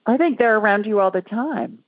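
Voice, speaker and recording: A woman hosting a call-in radio show as a psychic medium, brisk and laughing often as she relays messages. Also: medium pitch, lively intonation, no room sound, phone-quality sound. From United States.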